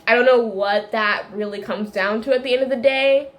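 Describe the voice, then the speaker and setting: A woman in a casual video, ranting about a film in a rambling, animated way, full of restarts and tangents. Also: fairly high pitch, normal speed. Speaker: video creator.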